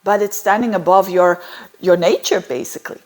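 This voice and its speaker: A woman's voice: fairly low pitch, normal speed. Woman astrologer, informal explainer, wanders off on tangents, lots of ums and restarts. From Belgium. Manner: chatty, digressive, with many fillers and restarts.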